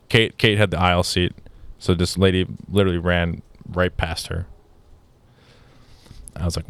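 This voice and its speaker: A young man with a low, smooth, resonant voice tells a story casually, full of restarts and filler words. He sounds exasperated as he goes along. The sound is dry and close, with no room echo. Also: moderate pace, pauses often, fairly bright tone. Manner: exasperated, rambling with many restarts and "like". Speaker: podcast host.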